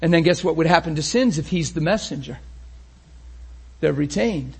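A man preaching a sermon with great passion, often rising to a shout and acting out how his listeners would react. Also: a little high, lively intonation, normal speed, creaky, slightly rough.

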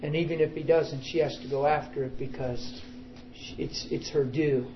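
A man's voice: a little high, steady tone, normal speed, muffled recording, slight background noise. Dramatic storytelling preacher man. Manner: dramatic storytelling that swings from hushed to emphatic. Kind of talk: storytelling sermon.

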